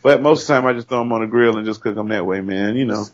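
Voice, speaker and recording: A man's voice: lowish voice, racing. Laid-back rambling man, lo-fi. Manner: laid-back, rambling storytelling with slang and profanity. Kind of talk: casual chat. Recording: dull lo-fi sound.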